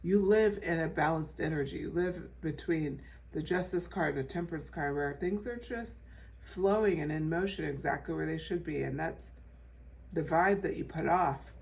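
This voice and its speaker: A woman's voice: sits low, moderate pace, vocal fry, darkish tone, distant mic. A woman giving a casual pick-a-card tarot reading in a chatty, reassuring way, with many fillers and restarts. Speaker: tarot reader.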